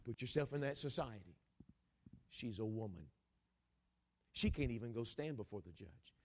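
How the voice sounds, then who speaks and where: A preacher addressing his congregation in an animated, dramatic sermon. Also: medium pitch, normal speed, a little hiss or hum. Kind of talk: sermon storytelling.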